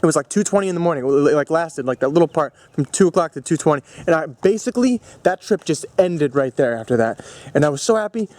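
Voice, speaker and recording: A man's voice: quick pace, few pauses, no echo. Rambling young man telling a story. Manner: rambling, many fillers and restarts, bursts of excited high pitch. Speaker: vlogger. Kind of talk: casual storytelling vlog.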